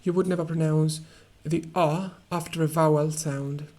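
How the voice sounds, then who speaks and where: A man teaching an English pronunciation lesson, hesitating often with fillers and restarts and repeating words slowly to model their sound. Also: a little high, fairly even intonation, a little mellow, rough recording.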